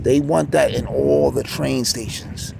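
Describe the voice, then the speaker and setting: A man's voice: medium pitch, steady tone, measured pace, vocal fry. A middle-aged man ranting insistently in the street, repeating himself and restarting phrases. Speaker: vlogger. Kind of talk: outdoor street rant. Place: city street outdoors. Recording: street traffic noise behind.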